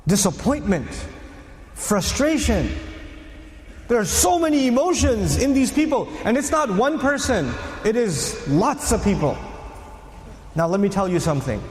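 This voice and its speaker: A man giving a storytelling religious lecture to a live audience, animated and firing rhetorical questions at the listeners. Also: high-pitched, normal speed, echoey room, long reverb tail. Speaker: Islamic lecturer.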